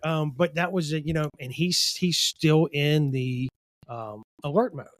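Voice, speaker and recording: Man with a higher voice, dry sound. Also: a little slow, dry recording. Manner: rambling storyteller with false starts and laughs. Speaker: podcast host. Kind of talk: casual conversation, anecdote telling.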